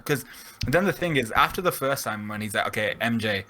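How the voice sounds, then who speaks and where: Casual podcast host, animated storyteller, bright tone. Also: male voice, medium pitch, fairly quick, a little hiss or hum, rough recording. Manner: animated, acts out characters in quotes. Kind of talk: casual chat.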